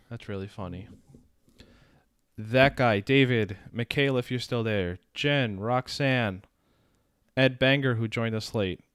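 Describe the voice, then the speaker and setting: A man's voice: on the low side, fairly bright tone, clear, resonant tone, no room sound, studio quality. A man co-hosting a casual podcast stream, loose and laughing as he thanks viewers in the chat. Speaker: podcast co-host.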